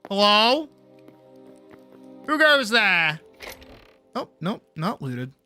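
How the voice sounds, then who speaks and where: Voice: mid-range voice, sing-song, drawn-out words, sharp tone, faint music behind. A young adult game streamer chatting casually and swearing freely while playing. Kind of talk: casual gameplay commentary.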